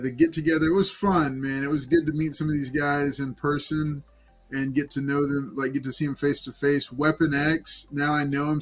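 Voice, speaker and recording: A man hosting a casual livestream chat and giveaway, talking loosely with many fillers. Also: a little high. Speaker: livestream host running giveaways.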